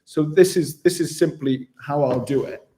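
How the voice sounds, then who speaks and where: A man's voice: on the high side, normal speed, warm tone. A man, chatting casually as he answers viewer questions in a vlog, self-deprecating and calling people "mate". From West Yorkshire, England. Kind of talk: casual live Q&A.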